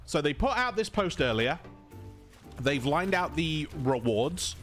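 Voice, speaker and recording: A man from England with an English accent, calmly talking through a video game in casual commentary, polite and chatty. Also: fairly high pitch, unhurried, faint music behind. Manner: calm, conversational, polite even when insulted. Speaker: gaming video host.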